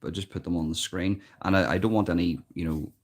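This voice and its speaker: With a low pitch, fairly even intonation, and a quick pace, an Irishman earnestly and emphatically comments on his live stream. He tends to repeat words as he thinks, and he's recorded on a built-in device mic with no external mic.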